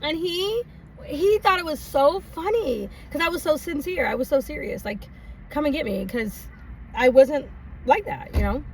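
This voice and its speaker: Recorded on a distant mic with faint background noise, a woman vlogger tells a personal story in a loose, meandering way, full of laughter and fillers. She speaks at normal speed in a high voice with vocal fry.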